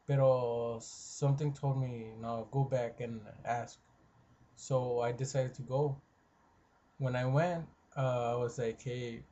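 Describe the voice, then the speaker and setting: A man's voice: mid-range voice, mellow, muffled recording. Young man telling a rambling story. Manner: rambling, quotes friends, many fillers and restarts. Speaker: vlogger. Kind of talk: casual storytelling vlog.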